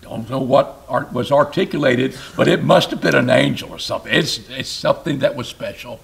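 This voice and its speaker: A man preaching an expository sermon, reading scripture aloud and explaining it, with emphatic rises and sudden low drops. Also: brisk, vocal fry. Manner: animated, rising to emphatic bursts and dropping low.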